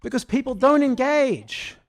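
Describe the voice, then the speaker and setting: A man's voice: extremely high pitch, measured pace. A man hosting reaction commentary, exasperated and argumentative, swearing often as he rebuts. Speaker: commentary channel host.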